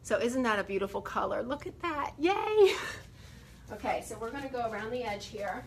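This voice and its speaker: A woman's voice: mid-range voice, fast, slight background noise. A woman who refinishes furniture, chatting casually and enthusiastically to viewers through a phone camera while she paints, a little out of breath. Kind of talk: casual how-to painting demonstration.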